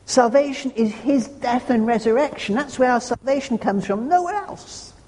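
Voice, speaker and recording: A man delivers a sermon in an earnest, chatty way and slips in homely jokes. His voice is mellow and a little husky. It rings through a hall with a long reverb. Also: very high-pitched, normal speed. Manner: earnest and conversational, with homely humorous asides. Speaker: preacher.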